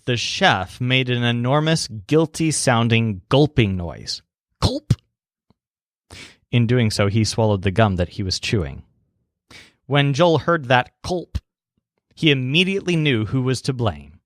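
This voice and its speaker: A man's voice: medium pitch, dry recording, clean studio sound. Man narrating a language lesson. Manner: slows down to spell out foreign words and stresses. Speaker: language teacher.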